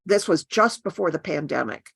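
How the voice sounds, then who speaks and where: A woman's voice: low voice, lively intonation, normal speed, vocal fry, slightly rough, no room sound. An older woman, a guest artist, chatting frankly with wry asides. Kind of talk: casual chat.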